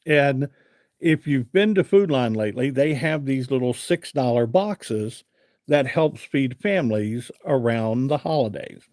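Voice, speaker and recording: This is a man hosting an evening live chat, talking casually and rambling through a story with fillers. His voice sits at an ordinary middle pitch. The sound is dry and close, with no room around it. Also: animated, measured pace, a little mellow, no echo. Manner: chatty, rambling with fillers and repeated "I said". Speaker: livestream host.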